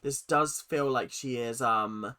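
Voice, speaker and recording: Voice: medium pitch, slow, smooth. A person hosting a casual reaction video, chatty, opinionated and at times sarcastic. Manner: animated and opinionated, sometimes sarcastic.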